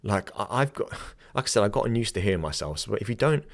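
A man's voice: lowish voice, very animated, fast talker, gravelly. A young man hosting a podcast and teaching yoga, talking casually, often restarting his sentences and laughing easily. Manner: chatty, self-correcting, laughs easily.

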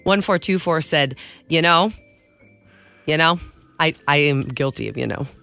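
A woman's voice: deep voice, vocal fry, bright, forceful tone, clear, resonant tone, faint music behind. A woman co-hosting a morning radio show, reading listener texts aloud and chatting casually with her co-host. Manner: reads listener texts aloud, quick agreeing replies.

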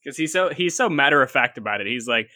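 A man's voice: medium pitch, animated, fast, sharp tone, dry recording, studio quality. A man co-hosting a casual movie podcast, joking and swearing freely with friends. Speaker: podcast co-host. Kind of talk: casual chat.

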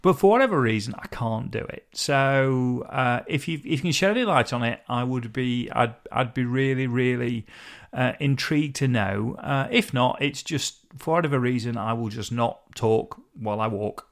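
A man's voice: medium pitch, normal speed. Rambling, chatty man. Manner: rambling, self-correcting, chatty. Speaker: podcast host. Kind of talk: casual solo podcast monologue.

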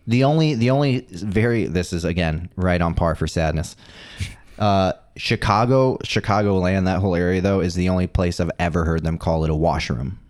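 A man's voice: low voice, moderate pace, a little mellow, no room sound, clean studio sound. A man co-hosting a podcast, chatting casually with a wry, joking manner. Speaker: podcast co-host. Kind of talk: casual chat.

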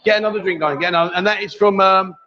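Speaking rapid-fire in a high voice with fairly even intonation, a man hosts a casual livestream of bar banter from a busy bar with a pool table. Chatty and teasing, he calls everyone darling, while the dull, lo-fi audio carries the crowd chatter around him.

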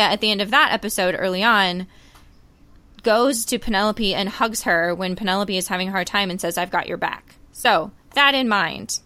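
A woman co-hosts a casual podcast and retells a TV scene with emotion and lots of "like". The recording is dry and close, with almost no room sound. Her pitch sits in a middle range. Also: dry recording. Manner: emotional, animated storytelling with fillers. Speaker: podcast co-host. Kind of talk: casual chat reviewing a TV series.

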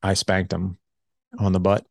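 Low gravelly man telling his story. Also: monotone, measured pace, no room sound, studio quality. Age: 40s. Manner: candid, heavy use of filler "like". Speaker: podcast guest telling his life story. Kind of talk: casual conversational storytelling.

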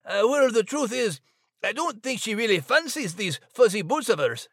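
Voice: mid-range voice, sing-song, normal speed, fairly bright tone, dry recording, clean studio sound. A performer voicing a hearty male sidekick who peppers his speech with "aye", "lad" and "wee". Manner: brogue-flavored talk with "aye", "lad" and "wee". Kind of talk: audio drama acting.

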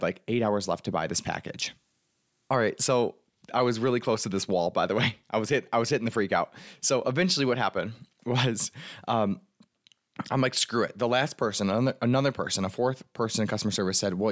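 A man's voice: lowish voice, dry recording, studio quality. A man, a life coach, telling a personal story in a casual, chatty way, full of fillers and retold inner thoughts. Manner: fast, chatty, filler-heavy, animated retelling.

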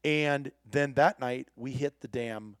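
A man's voice: mid-range voice, slow, smooth, no echo, studio quality. A man telling a hunting trip story in casual chat, acting out the people he quotes. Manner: animated storyteller, acts out quoted voices.

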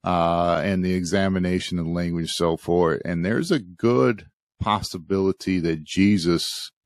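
A man hosting a Bible study podcast, talking thoughtfully with frequent pauses and fillers. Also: sits low, dry recording. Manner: thoughtful, hesitant, many fillers. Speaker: podcast host.

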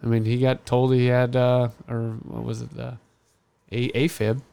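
A man in his thirties telling a long story on a casual podcast, acting out the other people's lines loudly. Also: medium pitch, moderate pace, gravelly, smooth. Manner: animated storyteller, acts out quotes loudly. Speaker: podcast host.

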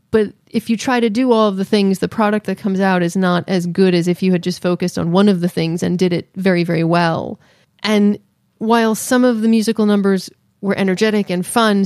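A woman co-hosting a casual podcast, playful and quick to laugh as she reviews a film. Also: mid-range voice, a little mellow, no room sound, studio quality. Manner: playful, laughs often, breaks into sung bits. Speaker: podcast co-host. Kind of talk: casual chat.

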